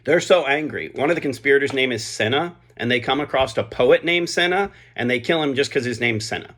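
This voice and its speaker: A man's voice: mid-range voice, a little fast, fairly bright tone. A man retelling a play's plot in a casual spoken summary, chatty, with frequent fillers and asides.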